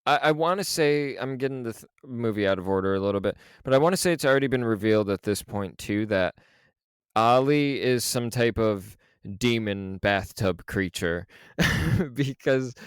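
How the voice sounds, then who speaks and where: A man with a low, smooth voice talks through a horror film in relaxed podcast chat. He tells the story with animated energy, swears freely and laughs often. The sound is dry and close to the mic. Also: dry recording. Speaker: podcast co-host. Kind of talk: casual film discussion.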